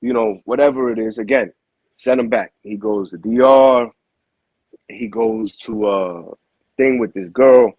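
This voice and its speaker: Husky new guy, boxing manager, talking fast and loose with slang, dry close sound. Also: fairly low pitch, dry recording, muffled recording. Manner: animated storyteller, heavy slang, frequent restarts. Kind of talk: casual interview storytelling.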